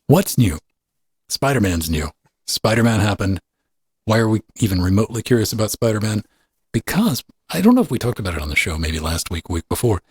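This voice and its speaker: A man with a low, breathy voice hosts a casual live podcast. He rambles, chuckles and interrupts himself. The sound is dry and close, with no room around it. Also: dry recording. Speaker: podcast host.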